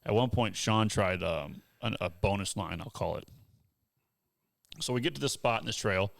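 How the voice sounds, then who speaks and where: Brief: low, gravelly male podcast host, dry close mic, lively storyteller. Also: normal speed, no room sound. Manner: animated storyteller, acts out others in a high voice. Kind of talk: casual storytelling chat.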